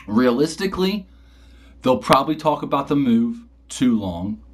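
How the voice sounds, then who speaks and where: A man vlogging casually, telling a joke and then talking games in an animated way. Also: mid-range voice, normal speed. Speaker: gaming vlogger.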